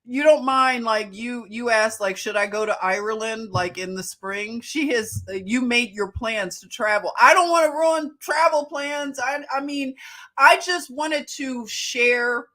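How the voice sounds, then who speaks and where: Philly-accented woman hosting a live chat, slow and easy, a bit high-pitched, greets everyone by name. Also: pushed and bright. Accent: Philadelphia. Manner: greets viewers by name, laughs often. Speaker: livestream host. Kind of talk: casual livestream chat.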